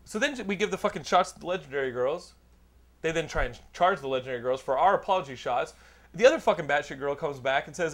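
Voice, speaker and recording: Middle-aged male host, swears constantly, runs on through his story, slightly higher-pitched. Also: animated, quick pace. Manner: profane, rambling anecdote teller. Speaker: podcast host. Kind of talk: casual storytelling chat.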